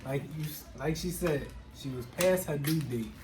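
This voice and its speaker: Chill young guy chatting at home, a bit high voiced, joking around. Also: normal speed, a little mellow, echoey room. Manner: laid-back, joking interjections. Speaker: co-host, partner. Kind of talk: casual storytime chat.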